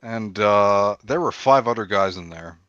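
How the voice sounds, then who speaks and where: Low-voiced, dry-humored man on a dull line. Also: a little slow, fairly bright tone, clean tone, no room sound, soft background music. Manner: dry, blunt and profane. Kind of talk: casual chat.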